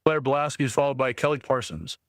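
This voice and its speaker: A man's voice: medium pitch, expressive, fast talker, no room sound, clean studio sound. A man chairing a public meeting who briefly calls the next speakers by name. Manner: brief, matter-of-fact announcing. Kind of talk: calling names at a public meeting.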